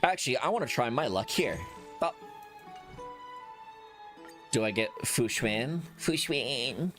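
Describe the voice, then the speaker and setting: Male gamer, unhurried drawl with a bouncy pitch, profane self-mocking jokes, casual commentary. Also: expressive, over music. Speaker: gaming streamer.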